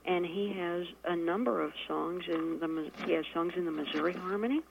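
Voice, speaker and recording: A woman's voice: on the low side, steady tone, fairly quick, vocal fry, noisy background. A woman, a radio guest explaining things hesitantly with many fillers. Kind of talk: phone-in radio interview. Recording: tinny phone line.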